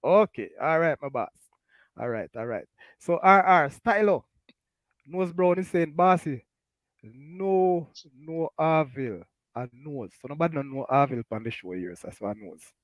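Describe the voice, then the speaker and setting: A man's voice: mid-range voice, normal speed, no echo. A Jamaican man hosting a casual live stream, reading out chat comments and laughing often. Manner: laughs often, animated, Patois-flavored. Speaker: talk show host.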